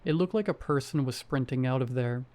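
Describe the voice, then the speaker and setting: A man reading a first-person horror story aloud in a steady storytelling manner. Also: medium pitch, a little fast. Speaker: story narrator. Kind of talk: scripted horror narration.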